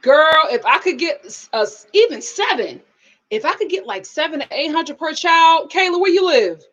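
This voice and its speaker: A woman with a high, bouncy voice that swings widely in pitch, hosting a live review stream. She chats casually and playfully with viewers and laughs often. The audio is dull and lo-fi. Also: very animated, moderate pace, fairly bright tone.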